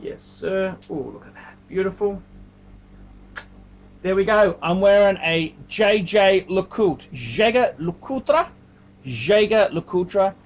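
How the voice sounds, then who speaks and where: A man's voice: high voice, fairly even intonation, slow pace, slight background noise. A man, a watch collector, ranting casually to camera with heated, profane language.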